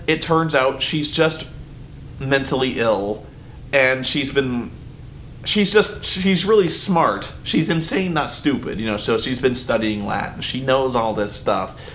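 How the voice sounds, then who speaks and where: A man vlogging about a movie in a rambling, excitable way, full of fillers and sudden high-pitched quoted reactions. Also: moderate pace, a little hiss or hum. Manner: excitable, rambling, many "like" fillers, big pitch jumps when quoting. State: groggy, just woken. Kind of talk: rambling movie review vlog.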